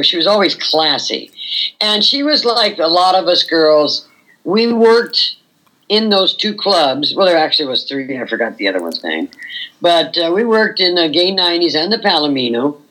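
A woman's voice: fairly low pitch, a bit bright, rough recording. An older woman, a former burlesque performer, reminiscing frankly in a chatty interview and often saying "you know".

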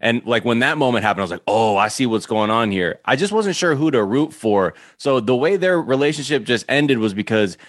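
A man guesting on a podcast, talking in a laid-back, halting way with lots of restarts. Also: medium pitch, lively intonation, no room sound, clean studio sound. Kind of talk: casual chat.

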